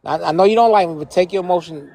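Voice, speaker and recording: A man's voice: sits high, racing, gravelly, a little mellow. A man arguing heatedly on a live panel, confrontational and profane, repeating himself and talking over others. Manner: confrontational, repetitive, interrupting, profane. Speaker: panel participant. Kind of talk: heated live-stream debate.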